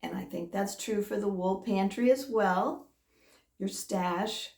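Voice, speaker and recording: A woman hosting a knitting vlog, talking casually and hesitantly with many pauses and fillers. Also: medium pitch, vocal fry, reverberant. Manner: hesitant, many "um"s, warm and chatty. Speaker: knitting podcast host. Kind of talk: casual chat to camera.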